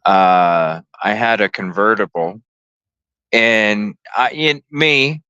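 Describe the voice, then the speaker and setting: A man's voice: lowish voice, takes it slowly, pushed and bright, clean tone, no room sound, lo-fi sound. A man hosting a podcast, telling a story casually and animatedly, swearing and acting out the voices. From lived in Chicago. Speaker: podcast host.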